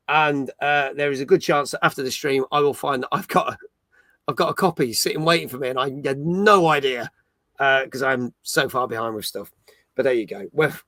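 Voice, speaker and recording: A man's voice: a little high, sharp tone, dry recording. A man hosting a casual gaming livestream, chatting upbeat and reading out viewers' comments. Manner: chatty, upbeat, reads viewer chat aloud. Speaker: stream host.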